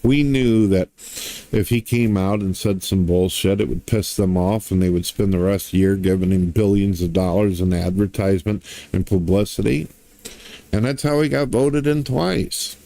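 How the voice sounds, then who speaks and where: A middle-aged man delivers a profane, swaggering rant straight to his viewers. His voice sits low with a dark, mellow timbre. The sound is close and dry, with no room around it. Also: fairly even intonation, moderate pace, vocal fry, no room sound. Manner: crude, blunt, swaggering, lots of swearing. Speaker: online commentator.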